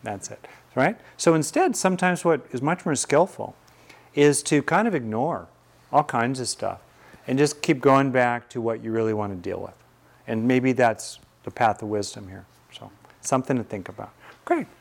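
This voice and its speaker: A male meditation teacher speaks in a relaxed, conversational way, moving into stories to answer his students. His voice sits at an ordinary mid pitch. He sounds folksy and unhurried. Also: gravelly. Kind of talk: teaching talk with Q&A.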